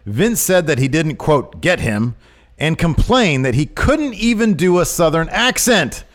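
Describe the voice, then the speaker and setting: Animated man ranting on a podcast. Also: a little high, measured pace. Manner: animated, rising to outraged emphasis. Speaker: podcast co-host. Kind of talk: casual wrestling news chat.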